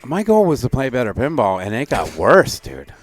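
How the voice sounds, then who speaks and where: A middle-aged man co-hosting a podcast in casual chat, telling stories in an animated, joking way. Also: mid-range voice, moderate pace, dry recording. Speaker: podcast co-host.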